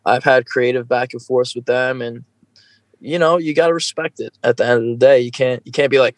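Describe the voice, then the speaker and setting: A man's voice: medium pitch, brisk, no echo, poor audio. Casting: male podcast host, casual and profane, close dry mic, acts out quotes. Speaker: music video director.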